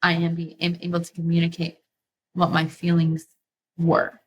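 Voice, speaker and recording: A woman's voice: lowish voice, completely flat delivery, moderate pace, slight background noise. A woman guest on a podcast, talking candidly and reflectively about her relationship, with frequent "like" fillers.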